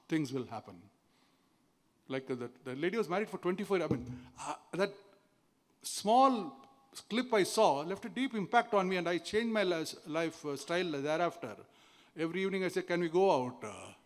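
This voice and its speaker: A middle-aged man with an Indian English accent giving a motivational seminar talk. He tells a story, asks the audience questions and acts out the quoted voices. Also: on the high side. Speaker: seminar speaker. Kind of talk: motivational speech. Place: large seminar hall. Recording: long hall reverb.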